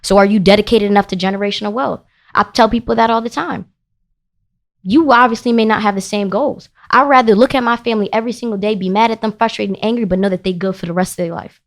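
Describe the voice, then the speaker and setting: A woman's voice: mid-range voice, quick pace. Emphatic woman telling a story. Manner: emphatic, animated, rising into heated retelling. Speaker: podcast guest, business founder. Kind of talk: casual interview storytelling.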